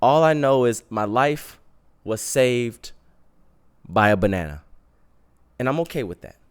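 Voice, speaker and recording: A man hosting a podcast, telling a personal story in an animated, slangy way. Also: mid-range voice, measured pace, clear, resonant tone. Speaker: podcast host.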